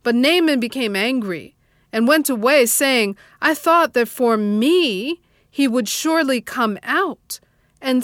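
Woman lector, slow and measured, higher voice, dry close sound. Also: a bit bright, dry recording. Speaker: scripture reader. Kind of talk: liturgical scripture reading.

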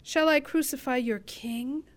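A woman reading the lines of a wary, uneasy male Roman governor in a scripture reading, with slow, deliberate questions. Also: high-pitched. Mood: questioning.

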